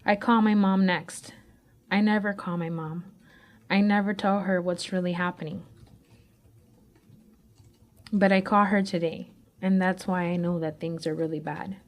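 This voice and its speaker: A woman's voice: lowish voice, level tone, measured pace, pauses often. Woman reading a raw confessional memoir. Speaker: student reading her personal essay. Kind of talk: first-person memoir reading.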